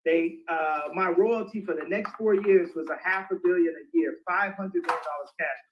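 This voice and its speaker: Man guest, high voice, rambling tale, keeps cracking up, muffled lo-fi online audio. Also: moderate pace, a little hiss or hum. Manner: rambling, breaks into fits of laughter. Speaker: interview guest. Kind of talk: casual storytelling in an online audio chat.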